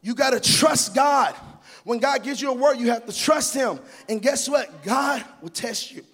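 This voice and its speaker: A man preaching a sermon in a chanting, shouted cadence, mixing scripture with humorous personal stories. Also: very high voice, expressive, normal speed, slightly rough, big-room sound. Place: church sanctuary.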